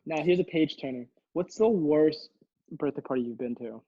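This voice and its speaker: A young man with a fairly high voice tells a rambling, laughing story on a podcast, restarting his sentences often. His mic sounds dry and a little dull. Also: moderate pace, mellow, no echo. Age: young adult. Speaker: podcast co-host. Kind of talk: casual storytelling chat.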